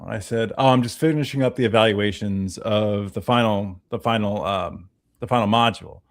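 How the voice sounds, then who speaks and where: A man on a casual livestream telling an animated story, acting out the voices of the people he quotes. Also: on the low side, fairly quick. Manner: animated storyteller who acts out quoted dialogue. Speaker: guest.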